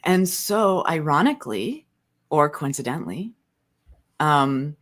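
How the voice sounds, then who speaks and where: Low-voiced playful woman in her forties. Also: big pitch swings. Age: 40s. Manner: playful, quick to laugh. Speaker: co-host, spiritual leader. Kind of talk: casual chat.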